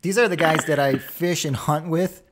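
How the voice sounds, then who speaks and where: A man with a Chicago accent hosting a casual interview, friendly and chatty and quick to laugh. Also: fairly high pitch, noisy background. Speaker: host.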